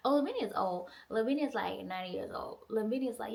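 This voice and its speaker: A young woman recapping a novel in a casual, profane, animated way, acting out the characters' lines. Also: fairly high pitch, brisk, creaky. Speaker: book reviewer. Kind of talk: casual book review recap.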